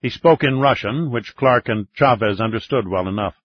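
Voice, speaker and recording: A man narrates a thriller audiobook in a steady voice of middle pitch, husky in texture. The recording is dry and a little dull. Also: normal speed, no echo. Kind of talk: scripted narration.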